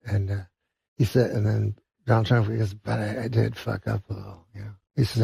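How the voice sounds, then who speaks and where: A comedian from Canada telling a long rambling joke in a halting deadpan way, full of "uh" and "you know". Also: male voice, lowish voice, creaky, husky, no echo. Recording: dull lo-fi sound.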